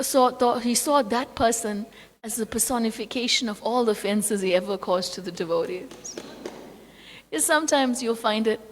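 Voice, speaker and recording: A woman's voice: on the high side, big-room sound, slight background noise. A woman teaching a devotional class, talking through stories conversationally and acting out the quotes. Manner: storytelling with acted quotes, conversational asides. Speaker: spiritual teacher.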